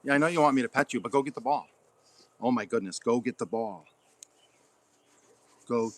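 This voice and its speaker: A man's voice: medium pitch, moderate pace, pauses often. A man, chatting casually as he gardens in his backyard and talks to his dog, folksy and rambling. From Oklahoma. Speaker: gardening vlogger. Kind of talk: casual chat while gardening.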